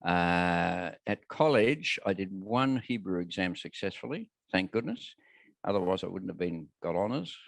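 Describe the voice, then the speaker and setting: An older man answers questions as a guest speaker, his low voice dry and close on a handheld mic. He tells self-deprecating stories in a wry, easy way. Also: expressive, moderate pace, creaky, dry recording. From Australia. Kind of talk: casual Q&A with anecdotes. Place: city lunchtime meeting room. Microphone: shared handheld mic.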